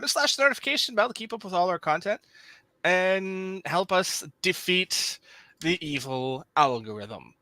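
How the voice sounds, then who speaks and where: A man's voice: a little high, pushed and bright, dry recording. A man hosting a podcast, chatting casually and reading channel promos with upbeat asides. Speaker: podcast host.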